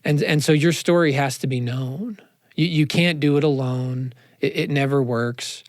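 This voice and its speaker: A man, a counselor, talking in a casual interview, animated and quick with asides, in a studio. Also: mid-range voice, no echo. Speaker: counselor, podcast guest. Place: radio studio.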